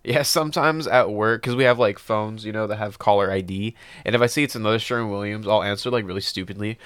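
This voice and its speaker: A young man co-hosting a casual podcast, excitable, swearing a lot and stammering when surprised. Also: lowish voice, fast talker, clean tone, no room sound, clean studio sound. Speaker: podcast co-host. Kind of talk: casual chat.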